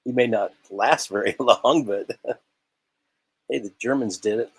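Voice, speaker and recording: Low husky man calling auction bids. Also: dry recording, poor audio. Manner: rapid steady bid calling with joking asides. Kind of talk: live auction bid calling.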